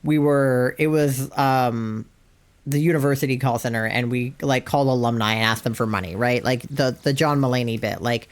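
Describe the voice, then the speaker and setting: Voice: medium pitch, normal speed. A chatty streamer talking while playing a video game. The talk rambles along casually, full of asides and little fillers.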